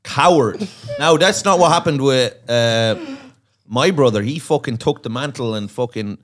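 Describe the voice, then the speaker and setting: A man appearing as a comedian guest on a podcast, sweary and quick-witted in casual chat. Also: medium pitch, expressive.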